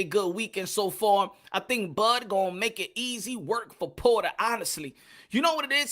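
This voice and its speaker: Animated boxing stream host, bright voice. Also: male voice, high voice. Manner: animated, repetitive, shouting out chat names. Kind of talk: live-stream commentary chatting with viewers.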